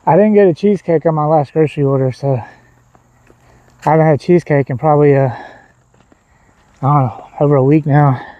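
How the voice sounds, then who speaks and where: A man's voice: on the high side, moderate pace, pauses often, dry recording, highs cut off. A man chatting casually to his viewers while walking outdoors on a livestream. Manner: relaxed, rambling, talks to chat. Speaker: streamer. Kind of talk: casual livestream walk chat. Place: outdoors on a walk, rural.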